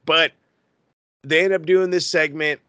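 A man's voice: on the high side, steady tone, a little slow, sharp tone, smooth, no echo. A man hosting a casual wrestling podcast, ranting in a fired-up way and swearing constantly. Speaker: podcast host.

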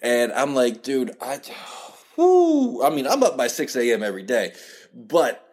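A man's voice: medium pitch, moderate pace. A man hosts his podcast in an easy, laid-back chat. His voice sits in an ordinary middle range, and he stumbles over restarts and laughs as he tells his stories. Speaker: podcast host.

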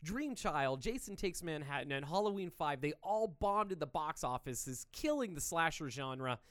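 Brief: male podcast host, slightly high voice, joking and foul-mouthed, dry close mic. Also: expressive, moderate pace, fairly bright tone, dry recording. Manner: loose, joking, swears freely. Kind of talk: casual chat.

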